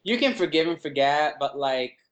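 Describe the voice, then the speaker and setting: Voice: mid-range voice, lively intonation, moderate pace. A musician guest giving casual interview answers, campy and playful, calling people honey and girl.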